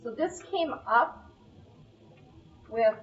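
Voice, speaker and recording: A woman's voice: a little high, lively intonation, extremely slow. A woman presenting at a school board meeting, explaining a document on screen step by step. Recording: distant, dull meeting-room recording.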